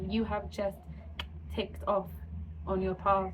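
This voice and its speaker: A woman channeling a spiritual message to her viewers, speaking slowly and soothingly in repeated affirmations. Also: mid-range voice, level tone, a little hiss or hum, poor audio. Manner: slow, soothing, repetitive affirmations.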